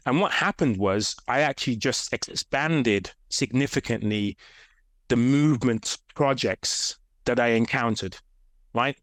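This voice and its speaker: A man's voice: medium pitch, unhurried, no room sound, clean studio sound. A grown man, a fitness coach guest, telling stories in a casual interview and acting out the voices in them. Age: adult. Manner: animated storyteller, acts out voices in quotes.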